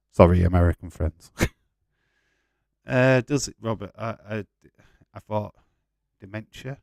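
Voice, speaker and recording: A man talks loosely on a live stream in a fairly low voice, rambling and swearing as he reacts to his viewers. The sound is dry and close to the microphone, with no room around it. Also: slow pace, vocal fry, pauses often, darkish tone, dry recording. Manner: swears freely, rambling, laughs often. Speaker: streamer host of a watch-along. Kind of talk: casual live-stream chat reading viewer comments.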